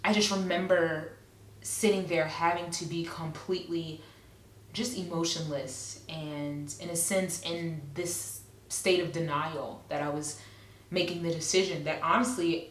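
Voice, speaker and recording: Low-voiced woman telling her story, echoey room. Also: fairly even intonation, unhurried, fairly bright tone, slight background noise. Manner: conversational, lots of fillers, repeats phrases. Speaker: vlogger. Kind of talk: personal story, casual. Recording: echoey room, a bit far from the mic.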